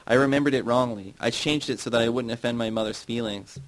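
A man's voice: medium pitch, quick pace, close to an everyday voice, rough recording. A man reading the part of a middle-aged woman who confesses old memories, then turns sarcastic and provoking. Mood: confessional.

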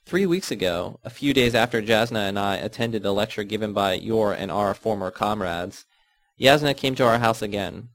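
A man narrating a novel in the first person, in a measured, even way. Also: lowish voice. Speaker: audiobook reader.

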